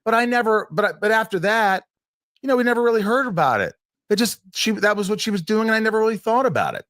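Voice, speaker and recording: A man's voice: sits high, lively intonation, quick pace, a bit bright, dry recording, clean studio sound. A man telling a personal story in an interview, rambling and restarting often as he acts out what people said.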